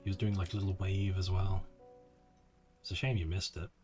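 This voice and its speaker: A man's voice: low-pitched, level tone, brisk, a little mellow, soft background music. A man streaming a fishing game, chatting casually, laid-back, swearing and laughing now and then. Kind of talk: casual gameplay commentary.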